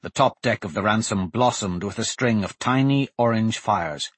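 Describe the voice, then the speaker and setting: A man narrating a fantasy audiobook in a measured, steady reading. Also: lowish voice, breathy edge, no echo.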